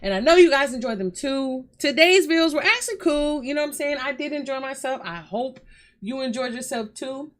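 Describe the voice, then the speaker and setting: A woman's voice: high voice, animated, fairly quick. Chatty woman talking to her viewers. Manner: chatty, loose, addresses viewers as y'all, swears freely. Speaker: reaction video host. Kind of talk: casual chat to viewers. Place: hot bedroom at home.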